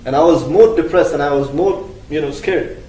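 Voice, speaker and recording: A man earnestly retelling a religious cautionary story in a halting, searching way. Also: a little high, warm tone. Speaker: religious speaker. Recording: echoey room, distant mic.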